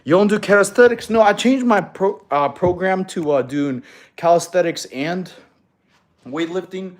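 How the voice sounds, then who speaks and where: A man's voice: high voice, moderate pace. A fitness coach, a man, chatting casually on a live stream, reading viewers' comments aloud, joking, laughing often and calling people bro. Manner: counts out push-ups between answers.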